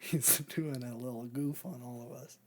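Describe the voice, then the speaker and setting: A man's voice: mid-range voice, steady tone, moderate pace, slight background noise. A man co-hosting a podcast, rambling and joking in casual chat. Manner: rambling, joking, laughs often. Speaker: podcast co-host.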